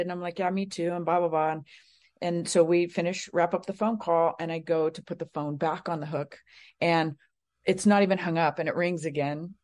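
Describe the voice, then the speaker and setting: The guest is a middle-aged woman, a psychic medium, casually telling a personal story on an interview show. Her lowish voice holds a steady tone at normal speed and sounds darkish. Fillers and rambling asides run throughout.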